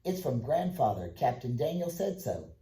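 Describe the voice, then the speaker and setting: A man reading a children's story, voicing an eager, excitable little boy who is the youngest brother, in an echoey room. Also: mid-range voice, moderate pace.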